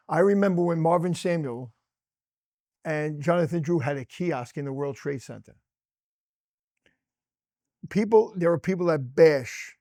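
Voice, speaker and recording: A man's voice: fairly high pitch, a little mellow, no room sound, studio quality. A middle-aged man, a cigar lounge manager, telling stories in a casual interview and acting out quoted dialogue.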